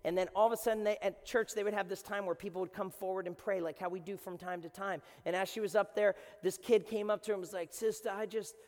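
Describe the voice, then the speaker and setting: A man preaching a sermon with passion, building up to shouts. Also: high-pitched, fairly even intonation, quick pace, hardly any pauses, in a large hall.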